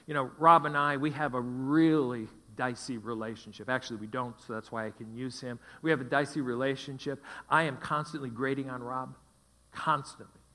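A man's voice: mid-range voice, fairly even intonation, moderate pace, pushed and bright. A middle-aged man preaching a sermon as pastor, emphatic and repeating phrases for stress. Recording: long hall reverb.

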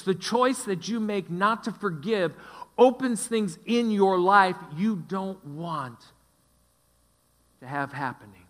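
A man's voice: sits high, lively intonation, unhurried, a bit bright. A middle-aged man preaching a sermon as pastor, emphatic and repeating phrases for stress. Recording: long hall reverb.

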